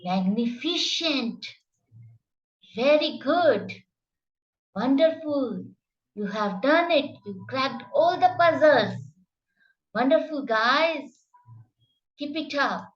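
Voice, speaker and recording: A woman's voice: high voice, lively intonation, takes it slowly, long pauses, highs cut off. A woman teaching phonics to children, sounding out each letter carefully and praising the listener. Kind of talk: slow, exaggerated phonics teaching.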